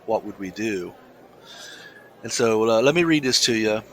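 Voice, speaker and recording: A man co-hosting a casual podcast, talking in halting starts and restarts and reading a news story aloud. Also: lowish voice, lively intonation. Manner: halting, many restarts, laughs easily. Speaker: podcast co-host.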